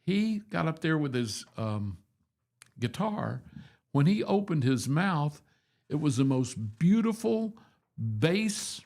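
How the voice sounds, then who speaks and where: A man's voice: a little high, a little mellow. A man in his seventies, a radio host, telling rambling, self-deprecating stories in a casual, folksy chat. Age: 70s.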